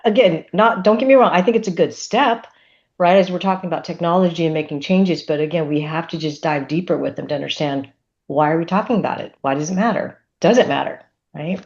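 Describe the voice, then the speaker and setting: A woman presenting on a webinar panel, chatty and expressive, telling stories. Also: on the low side, brisk, muffled recording.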